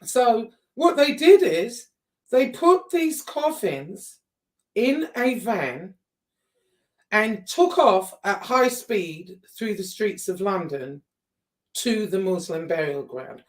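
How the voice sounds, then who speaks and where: A woman recounts a story in a loose, chatty way, her voice sitting at an ordinary middle pitch. She acts out the people in it and lets her exasperation show, with a swear here and there. She sounds a little distant, as if the mic sits some way off. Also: takes it slowly. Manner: animated, exasperated retelling with quoted dialogue and swearing. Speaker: vlogger. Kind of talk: casual storytelling to camera.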